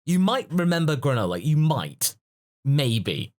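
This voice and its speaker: A man's voice: on the high side, sing-song, unhurried, darkish tone. A man hosting a casual podcast discussion, musing and analytical in a chatty way. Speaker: podcast host.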